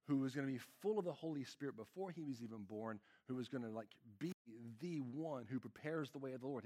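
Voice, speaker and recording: Casual, earnest male pastor preaching. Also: mid-range voice. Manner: casual, earnest, filler-heavy with frequent "like". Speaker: lead pastor. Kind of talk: conversational sermon.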